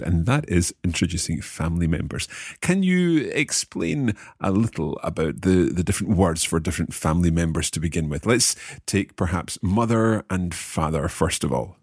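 Deep-voiced man learning with a lively lilt. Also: moderate pace, few pauses, husky, dry recording, clean studio sound. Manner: curious, repeats phrases back and asks questions. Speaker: learner co-host of a language lesson. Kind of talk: casual teaching dialogue.

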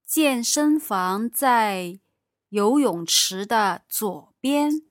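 A woman playing a friendly female conference visitor in a calm practice dialogue. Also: on the high side, very slow, no echo, clean studio sound.

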